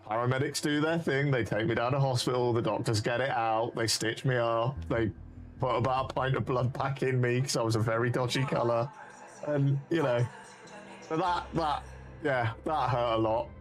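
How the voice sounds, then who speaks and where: A British man streaming to his viewers, spinning long, rambling anecdotes full of swearing. His voice sits at an ordinary middle pitch, and faint music plays underneath him. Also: normal speed. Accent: British English. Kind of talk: casual storytelling on a live stream.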